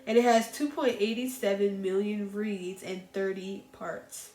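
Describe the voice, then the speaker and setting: A woman chatting casually about books she recommends, animated and talking straight to her viewers. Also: mid-range voice, a little slow. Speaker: book reviewer. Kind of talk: casual book recommendation chat. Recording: echoey room with faint music.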